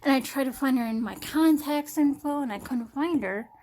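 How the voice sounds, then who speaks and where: A young woman talking into her smartphone in a casual personal vlog, rambling and halting, with many fillers and restarts. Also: high voice, a little mellow. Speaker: vlogger.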